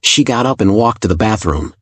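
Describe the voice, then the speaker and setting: A man narrating a dramatic story in a calm, measured, scripted way. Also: fairly low pitch, breathy edge, no room sound.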